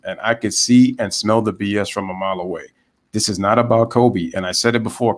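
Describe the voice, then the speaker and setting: A man streams live baseball commentary, calling the game in a casual play-by-play peppered with rants. He sounds animated and ranting, with a mid-range voice, and chats freely with his viewers.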